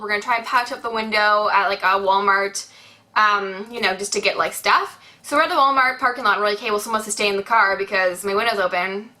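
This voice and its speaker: A young woman telling a rambling story on her vlog, acting out what people said, with lots of fillers. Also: medium pitch. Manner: rambling, animated retelling with many fillers and acted-out quotes. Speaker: beauty vlogger.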